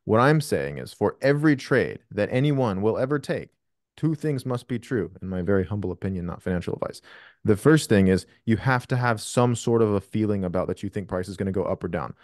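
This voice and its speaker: Blunt male coach, low-pitched, dry and close, swears freely on a video call. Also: animated, a little fast, darkish tone, no echo. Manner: blunt and profane, emphatic. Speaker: trading coach hosting a call. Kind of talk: live Q&A coaching.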